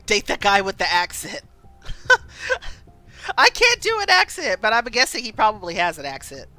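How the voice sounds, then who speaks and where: A woman's voice: mid-range voice, huge pitch swings, normal speed, sharp tone, faint music behind. A young woman streaming a story game live, chatty and laughing often as she talks to her viewers.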